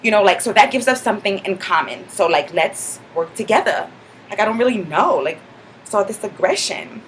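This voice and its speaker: A sassy, self-assured young clubgoer, as a woman plays her, chattering in a mock-indignant tone with "like" dropped into every sentence. Her voice sits at an ordinary middle pitch, with faint noise behind it. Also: animated, moderate pace, natural voice. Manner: chatty, filler-heavy with constant "like". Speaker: comedic character monologue. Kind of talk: character comedy vlog.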